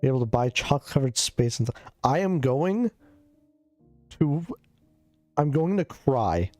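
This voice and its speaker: A man's voice: medium pitch, lively intonation, normal speed, darkish tone, no echo, faint music behind. A man streaming a casual chat while sick. He coughs, sounds loopy and rambles, swearing a lot.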